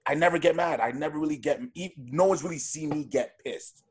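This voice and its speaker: A man's voice: a little high, fairly quick, a little hiss or hum. A man who is a podcast guest, talking in casual chat with a blunt, emphatic delivery and heavy swearing.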